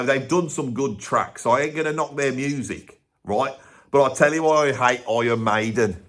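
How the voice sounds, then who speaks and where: Casting: man playing a middle-aged Brummie rock fan, rambling and scoffing, voice sitting a little high. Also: fairly bright tone, natural voice. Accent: Birmingham. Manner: rambling, swears often, scoffing. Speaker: comedy character host. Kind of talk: comic rant to camera.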